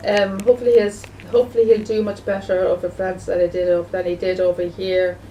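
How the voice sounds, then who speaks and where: A woman's voice: mid-range voice, little pitch movement, fast talker, warm tone. A woman vlogger talking casually to the camera, rambling and repeating herself with many restarts, recorded from a distance. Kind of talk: casual home video talk. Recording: distant mic with faint background noise.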